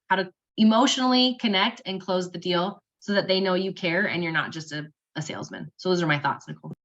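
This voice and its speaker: Young woman, casual encouraging coach, bright tone, lo-fi recording. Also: lowish voice. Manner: upbeat and encouraging, acting out sample messages. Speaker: network marketing team member.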